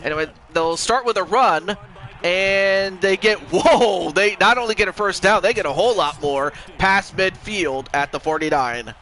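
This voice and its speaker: A man doing casual play-by-play commentary on a video game football match, excitable and rambling, with quick exclamations. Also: high voice, poor audio. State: has the hiccups.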